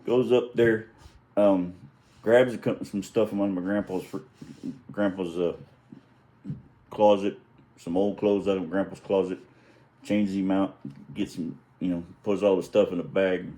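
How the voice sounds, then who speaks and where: A man's voice: low-pitched, steady tone, measured pace, long pauses, dark tone. A middle-aged man telling a casual story in a rambling way, chuckling and correcting himself as he goes.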